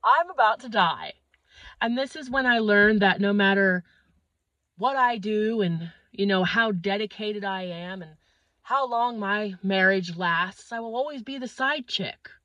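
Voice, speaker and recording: Woman, comic storyteller, crude and animated, dry close sound. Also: medium pitch, measured pace, no room sound, dull audio. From northeastern Pennsylvania. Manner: animated, crude, exaggerated delivery. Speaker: comedian.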